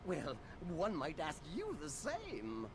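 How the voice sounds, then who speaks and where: A dithering eccentric old keeper. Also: male voice, a little high, huge pitch swings, slow pace, background noise, exaggerated voice. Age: older. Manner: hesitant, polite and old-fashioned, giggly. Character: fussy eccentric old male machine keeper. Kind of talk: video game cutscene acting.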